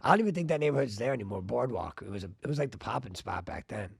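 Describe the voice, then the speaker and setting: Gravelly, husky laid-back man. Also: medium pitch, sing-song, very fast, no room sound. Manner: laid-back, reacting and joking. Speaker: podcast co-host. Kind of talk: casual chat.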